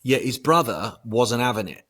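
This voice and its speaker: A man speaking as a guest in a casual conversation. He swears freely and breaks into bursts of loud emphasis. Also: mid-range voice, lively intonation, normal speed. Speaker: podcast guest.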